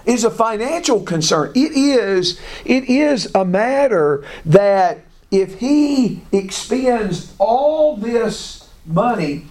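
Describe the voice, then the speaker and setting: A man with a high voice leads a Bible class at an unhurried pace. He talks casually, thinks aloud and repeats his key points to let them sink in. He often stops to put questions to the people listening. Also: darkish tone. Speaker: Bible study teacher.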